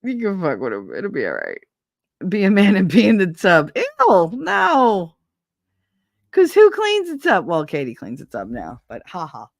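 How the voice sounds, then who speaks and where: A woman's voice: medium pitch, huge pitch swings, unhurried, dry recording, clean studio sound. A woman hosting a live stream in casual chat, telling profane stories and laughing often. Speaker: streamer host.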